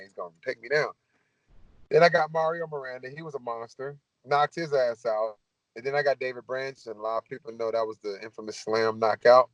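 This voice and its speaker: Blunt, profane ex-fighter telling stories. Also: male voice, mid-range voice, no echo, dull audio. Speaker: former fighter telling his story. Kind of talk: casual storytelling Q&A.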